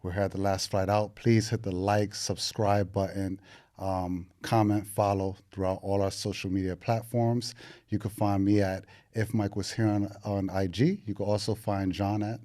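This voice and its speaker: A man hosting a podcast in a laid-back way, with plenty of fillers. His voice is on the low side. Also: normal speed. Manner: relaxed, filler-heavy. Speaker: podcast host. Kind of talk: casual hosting.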